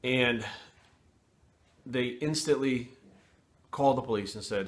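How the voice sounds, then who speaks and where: A man telling a personal story to camera in casual, blunt and profane talk, pausing and restarting as he goes. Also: medium pitch. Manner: blunt and profane, frequent swearing; candid, with pauses and restarts.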